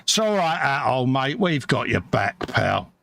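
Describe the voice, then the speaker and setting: Brief: middle-aged British host, gravelly, lively pitch, chatty banter reading chat. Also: male voice, measured pace, a little hiss or hum. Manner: reads chat comments aloud, bantering. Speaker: livestream host. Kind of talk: casual chat.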